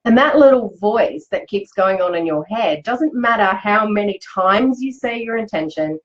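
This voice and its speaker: A woman hosts a chatty, upbeat motivational talk on a live video stream. Her voice is medium-pitched, and the audio sounds dull.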